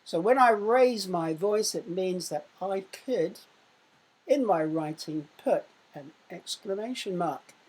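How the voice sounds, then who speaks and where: A woman teaching a recorded primary school lesson. She speaks clearly and raises her voice to show exclamations. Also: mid-range voice, animated. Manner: slow, clear teaching voice that loudly acts out exclamations.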